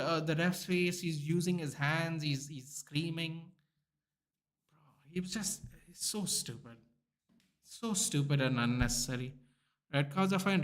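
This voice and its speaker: A young man, chatting casually to viewers during a live football watchalong stream. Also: on the high side. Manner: chatty, reacting aloud to chat, many restarts and "bro", "dude".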